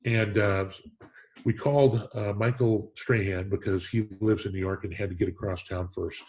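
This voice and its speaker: Middle aged guy, kinda husky low voice, earnest storytelling, lots of restarts. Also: fairly even intonation, normal speed, a little mellow. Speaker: Hall of Fame president, interview guest. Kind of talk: storytelling in a conversational interview.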